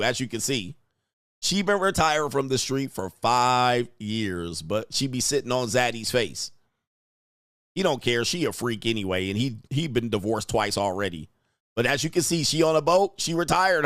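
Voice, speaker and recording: A man's voice: mid-range voice, fairly bright tone, no room sound, studio quality. A man hosting a crude, mocking reaction commentary, laughing and sneering at the clips he reads out. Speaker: host reacting to online clips.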